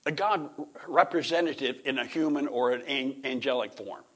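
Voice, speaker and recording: A middle-aged man gives an informal Bible lesson, speaking at a mid-range pitch. He rambles, restarts his sentences and clears his throat often. Now and then he chuckles between points. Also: moderate pace. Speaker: Bible teacher. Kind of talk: informal classroom lecture.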